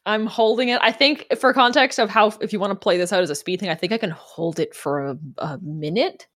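A woman's voice: medium pitch, brisk, fairly bright tone. Woman playing dnd, mid voice, laughs a lot, swears casually. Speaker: player. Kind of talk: casual tabletop play.

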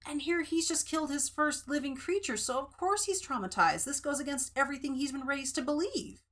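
Woman podcast co-host, bright tone, rambling casual delivery full of fillers. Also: sits high, a little fast. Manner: chatty, many fillers and restarts. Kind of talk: casual book discussion.

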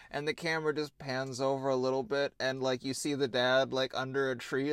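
A man co-hosting a casual podcast chat, animated and laughing, with frequent swearing and quick asides. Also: medium pitch, clear, resonant tone, dry recording, studio quality. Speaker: podcast co-host.

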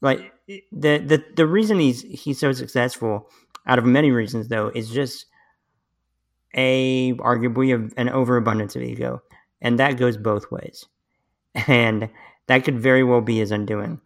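A man's voice: mid-range voice, unhurried. A man hosting a podcast in casual chat, rambling with restarts and swearing freely. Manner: profane, rambling, frequent restarts. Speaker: podcast host.

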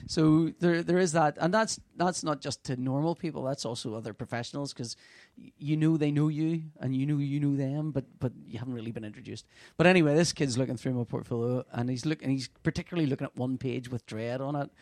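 A man's voice: medium pitch, fast talker, a little mellow, no echo. A middle-aged man, a comic artist, chatting casually and telling stories animatedly, stammering and laughing often. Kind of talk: casual podcast chat.

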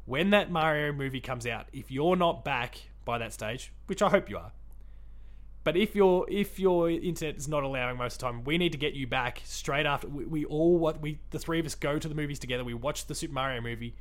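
A man's voice: on the high side, brisk. A man hosting a casual gaming podcast, talking in a rambling, chatty way with frequent restarts. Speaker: podcast host.

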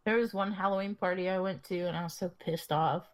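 A woman's voice: medium pitch, steady tone, quick pace. A young woman co-hosting a podcast, telling stories in a rambling way, swearing freely and laughing often. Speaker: podcast co-host. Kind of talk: casual chat.

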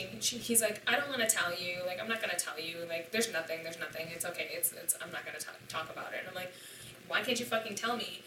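A woman's voice: fairly low pitch, quick pace, sharp tone, slight background noise. A woman in her twenties, a podcast guest, telling a personal story in a candid, profane way and acting out the dialogue. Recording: echoey room, distant mic.

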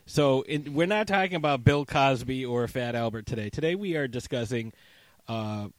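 A man's voice: medium pitch, animated, moderate pace, no room sound. A man hosting a casual podcast, teasing his co-host with jokey banter.

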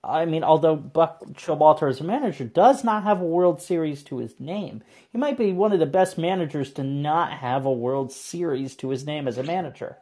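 A man's voice: on the high side, normal speed, hardly any pauses, dark tone. Man steering a casual sports chat. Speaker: podcast co-host.

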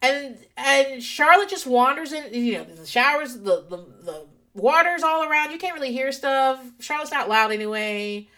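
A woman in a casual, profane, animated chat, rambling through anecdotes and a TV recap from her home office. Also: high voice, moderate pace, hardly any pauses. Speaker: podcaster recapping a TV show.

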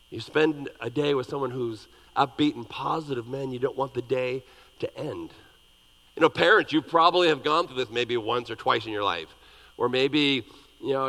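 A male pastor preaches in a large hall, his bright, forceful voice ringing with long reverb. He reads scripture dramatically and then talks plainly to the congregation, with big swings between loud and soft. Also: medium pitch. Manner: lively, dramatic reading with big swings in loudness. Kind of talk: sermon.

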